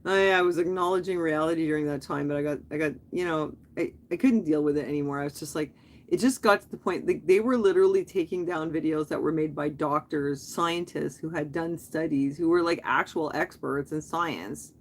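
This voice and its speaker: A woman's voice: deep voice, fairly quick. A woman hosting a casual live stream, talking in a rambling, chatty way that jumps from topic to topic.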